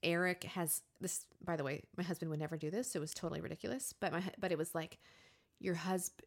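A woman in her thirties co-hosting a podcast, telling a personal story candidly and acting out her inner voices with sudden jumps in pitch. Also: fast. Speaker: podcast co-host.

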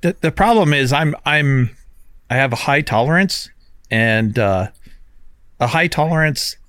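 A man's voice: fairly high pitch, animated, unhurried, a bit bright, no room sound, clean studio sound. A military veteran, a man, chatting casually on a podcast over drinks, easygoing and self-deprecating with jokes.

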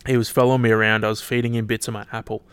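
A man's voice: fairly low pitch, level tone, racing, a bit bright, clear, resonant tone, no echo. Laid-back Australian man, rambling podcast chat. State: tired, yawning. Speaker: podcast host. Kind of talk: casual solo podcast chat.

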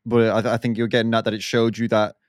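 A man hosting a podcast interview in a relaxed, agreeable way. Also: mid-range voice, fast, dry recording, clean studio sound. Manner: relaxed, agreeable, laughs along. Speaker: podcast host. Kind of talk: casual interview chat.

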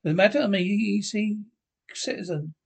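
Brief: flirty French wife, breathy, teasing, broad comedy. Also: female voice, medium pitch, fairly quick. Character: seductive French ambassador's wife, bold and playful. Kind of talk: 1970s film comedy acting.

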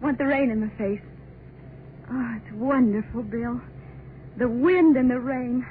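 An actress playing a young wife named Peg in a 1930s radio drama, murmuring words over and over as if in a daze. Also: female voice, a little high, measured pace, slight background noise, lightly acted. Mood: tender. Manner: repeats words in a dazed murmur. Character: anxious young wife Peg, dazed and dreamy. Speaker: lead character. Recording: tinny old radio broadcast with music.

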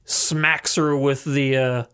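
A man in a relaxed, agreeable film chat who laughs easily. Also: medium pitch, slow, smooth. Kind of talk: casual film discussion.

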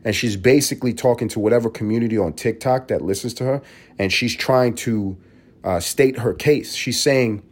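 A man's voice: mid-range voice, normal speed. A man hosting a solo podcast, rambling and swearing freely as he riffs in a casual monologue. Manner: rambling, profane, riffing with restarts. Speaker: podcast host.

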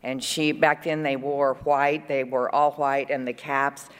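A woman's voice: extremely low pitch, little pitch movement, a little slow, clean tone. Chatty woman speaking in a big hall. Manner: chatty, rambling, fond, with frequent fillers and laughs. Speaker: conference speaker. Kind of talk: recovery share at a conference. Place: conference hall.

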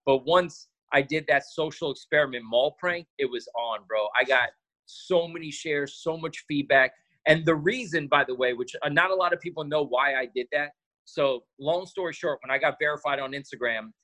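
A man telling stories as a guest in a casual interview, acting out quoted lines as he goes. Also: on the high side. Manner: animated storyteller, acts out quotes. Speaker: podcast guest.

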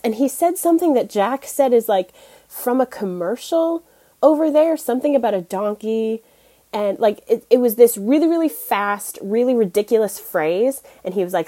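A woman's voice: on the high side, animated, normal speed, a little mellow. A young woman from the United States telling casual, self-deprecating stories on a podcast, with many fillers and laughs. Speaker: guest podcast host. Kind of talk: casual storytelling monologue.

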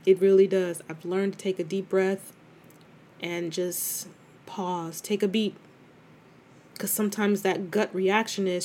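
A woman's voice: mid-range voice, flat delivery, measured pace, a little mellow, slight background noise. A middle-aged woman talking candidly and conversationally as a host, speaking straight to her listener and calling her "girl". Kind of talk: casual confessional talk.

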